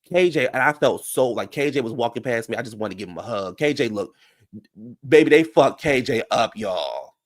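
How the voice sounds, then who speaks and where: A man's voice: medium pitch, moderate pace, dry recording, studio quality. A man hosting a reality-show recap channel, telling a story casually and animatedly to his viewers, calling them "y'all". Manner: animated, chatty, addresses viewers as "y'all" and "baby".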